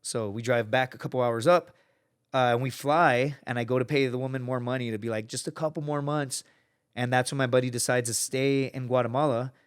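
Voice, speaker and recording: As a podcast guest, this American man recounts a story in a smooth, medium-pitched voice, talking a little fast. He's casual, profane, and animated, acting out each person he quotes.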